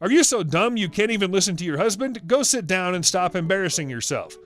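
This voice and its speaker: A man's voice: sits high, sing-song, fairly quick, a bit bright. A man voicing a young husband who mockingly teases a rude stranger, sly and playful.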